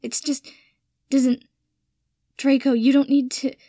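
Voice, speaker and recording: A woman reading the lines of a guarded, quietly hurt young man who deflects and stumbles over his words. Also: medium pitch, fairly even intonation, normal speed, dry recording, clean studio sound, close to an everyday voice. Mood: awkward.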